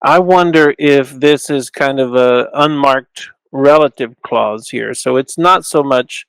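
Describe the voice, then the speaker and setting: A man with a gravelly yet smooth, resonant voice teaches in a casual lecture style. He thinks aloud, restarts his sentences, and slows down to lean on key terms. The recording is dry and close, with no room sound. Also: medium pitch, a bit bright, no room sound, low-quality recording. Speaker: Bible scholar teaching. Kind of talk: informal lecture with Hebrew recitation.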